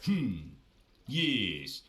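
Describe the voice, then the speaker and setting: Smug game shipwright, forced southern drawl, bright lively voice, slow and teasing. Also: male voice, medium pitch, exaggerated voice. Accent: forced American Southern. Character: male shipyard workshop owner, smug, guarded. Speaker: game character. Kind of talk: video game voice acting.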